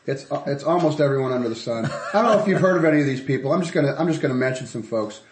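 A man's voice: mid-range voice, animated, very fast, reverberant, slight background noise. A man hosting a casual podcast, rambling through ad reads and banter with many restarts. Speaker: podcast host.

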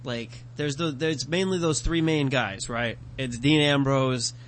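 A man's voice: mid-range voice, measured pace, fairly bright tone, slight background noise. A man in casual chat among friends, rambling and asking questions.

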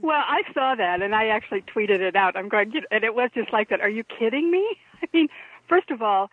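A woman co-host giving animated, incredulous political commentary, often laughing as she talks. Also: on the high side, brisk, breathy edge, no room sound. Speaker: talk show co-host. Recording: tinny phone line.

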